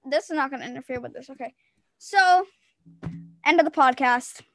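High-voiced excitable young woman podcaster. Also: normal speed, soft background music. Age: young adult. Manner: excitable, giggly. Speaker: podcast host. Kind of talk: casual podcast chat.

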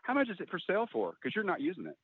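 Blunt, teasing older mother, a man putting her on, voice pushed high, tinny phone-line sound. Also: wildly swooping pitch, rapid-fire, background noise.

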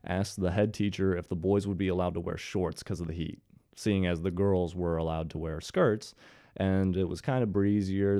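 A man's voice: deep voice, dark tone, no echo, clean studio sound. A young man from Ohio in his twenties, telling a story to his viewers in a casual way, with sarcastic asides. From Ohio, USA. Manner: jokey, sarcastic asides to the audience. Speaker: commentary host.

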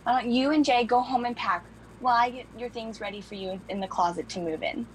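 An actress playing a childlike, eager adult daughter who coaxes and pleads in run-on sentences. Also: female voice, a little high, steady tone, quick pace, a little hiss or hum, close to an everyday voice, poor audio. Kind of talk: film drama acting.

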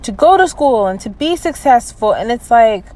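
A young woman in her twenties who talks through her feelings, stopping and restarting with lots of fillers. Her voice sits a little higher than most women's. She sounds down and emotional, as if close to tears. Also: lively intonation, normal speed, a little mellow, rough recording. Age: 20s. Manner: hesitant, many fillers and trailing restarts. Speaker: vlogger. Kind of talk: personal venting vlog.

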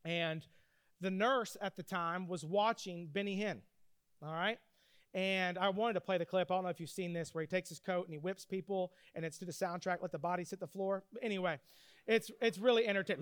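A man preaching a sermon, telling stories with energy and reading scripture slowly. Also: high-pitched, no room sound, clean studio sound. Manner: animated storytelling preacher, reads scripture slowly. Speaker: pastor.

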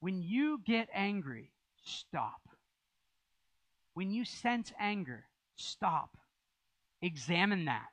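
A man's voice: high-pitched, big pitch swings, drawn-out words, long pauses, fairly bright tone, no room sound, rough recording. A man preaching a sermon as pastor, in a conversational style with rising emphasis.

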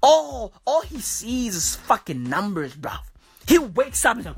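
A woman's voice: on the high side, sing-song, unhurried, breathy edge, no echo, faint music behind. A woman hosting a podcast, delivering a profane comic rant full of slang, with "bruv" and "okay" after nearly every line. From South Africa. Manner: swearing, slangy, keeps tagging bruv and okay. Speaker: podcast host.

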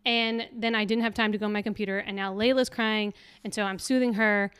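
Young woman co-host, casual chat, smooth and clear, acts out quotes as she tells it. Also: medium pitch, a little fast, no room sound. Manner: animated storytelling, acting out quotes. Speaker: podcast co-host.

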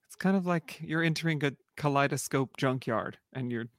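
A man's voice: on the high side, moderate pace, dry recording, clean studio sound. A man who is a guest on a casual podcast, thinking aloud with hesitant restarts and chuckles. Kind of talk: casual chat.

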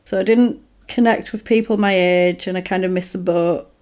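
A woman chatting casually, retelling a film plot and acting out the characters' lines in an animated way. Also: lowish voice, moderate pace.

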